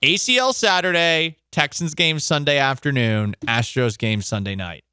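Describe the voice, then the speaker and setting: A man's voice: fairly high pitch, normal speed, pushed and bright, clear, resonant tone, no room sound, clean studio sound. A man hosting a sports talk show in a casual, joking, riffing way.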